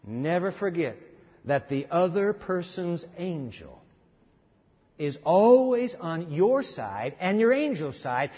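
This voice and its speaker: A man's voice: sits high, husky. A middle-aged male preacher giving an emphatic, conversational sermon, often restarting phrases as he presses his point. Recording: dull sound with long reverb of a hall.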